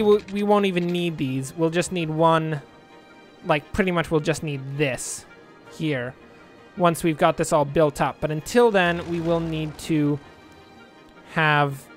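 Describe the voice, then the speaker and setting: A man giving casual, rambling commentary over a city-building game, with self-mocking asides. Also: fairly high pitch. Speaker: let's play gamer.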